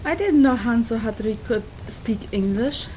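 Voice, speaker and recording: A woman's voice: a little high, animated, normal speed, warm tone, a little hiss or hum. A woman playing a video game, talking to herself, swearing and giving herself pep talks. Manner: swears and talks to herself, frustrated then giddy. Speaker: game streamer. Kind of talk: let's play commentary.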